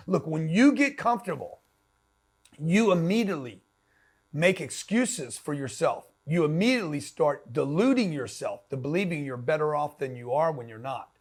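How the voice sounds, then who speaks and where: A man giving a blunt, slangy motivational talk, punchy and direct, often acting out quoted voices. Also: a little high. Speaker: motivational business speaker.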